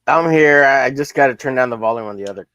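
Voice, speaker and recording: A man's voice: medium pitch, fast, fairly bright tone, clear, resonant tone, no room sound, lo-fi sound. A man joining a casual chat as a guest over a video call, easygoing and joking. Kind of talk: casual banter.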